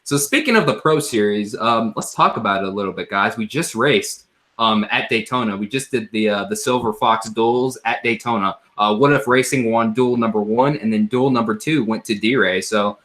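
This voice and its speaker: A man's voice: on the low side, moderate pace, a bit bright. A man hosting a casual podcast, joking around, laughing often and filling gaps with "um". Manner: laughs a lot, loose and joking, many fillers. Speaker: podcast host. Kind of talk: casual chat about sim racing.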